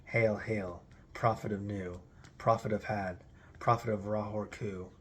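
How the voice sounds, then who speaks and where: A man's voice: on the low side, steady tone, a little slow, fairly bright tone, slightly rough. A man giving a solemn, declamatory recitation of an archaic religious text in an intoned delivery. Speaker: reader.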